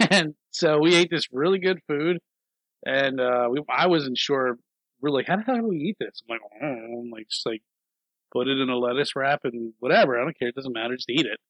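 A man co-hosting a podcast, telling travel stories in a casual, animated way, with frequent laughs and swearing. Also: mid-range voice, moderate pace, no room sound, poor audio. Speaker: podcast co-host. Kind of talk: casual chat.

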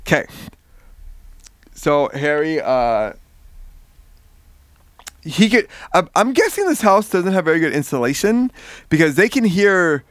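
A man recapping a story in casual chat, animated and swearing freely. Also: fairly high pitch, slow pace, long pauses, no echo. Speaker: podcast co-host.

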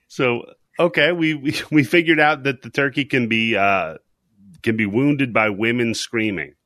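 A man co-hosting a podcast, chatting casually and recapping a movie scene by scene, laughing often and putting on quick voices for the characters. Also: mid-range voice, fairly bright tone, dry recording, clean studio sound. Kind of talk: casual comedic chat.

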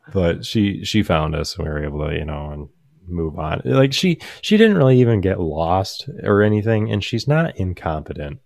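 A young man with a low, deep voice tells a rambling, amused story in a casual chat. He is recorded dry and close, with no room sound. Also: very animated, normal speed, creaky, darkish tone, dry recording. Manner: rambling, amused, lots of fillers and restarts.

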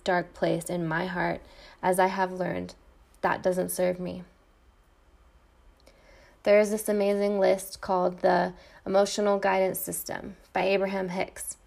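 Reading a scripted personal monologue on her podcast, this middle-aged host sounds intense and defiant, returning to repeated refrains. Her voice is fairly low with vocal fry and a little mellow.

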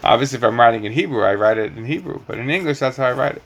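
A man's voice: mid-range voice, lively intonation, racing, a bit bright. A middle-aged man teaching a Torah class, lecturing with rhetorical questions and lots of Hebrew terms.

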